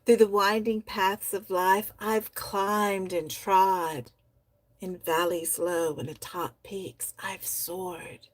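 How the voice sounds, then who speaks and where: A woman at a middle pitch reads poems at an unhurried, lingering pace, soft-spoken and heartfelt. Between pieces she chats warmly about the writing as a poetry stream host. The sound is dry and close, with no room around it. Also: fairly even intonation, no room sound. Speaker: host of a poetry society livestream. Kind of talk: reading members' poems aloud and commenting.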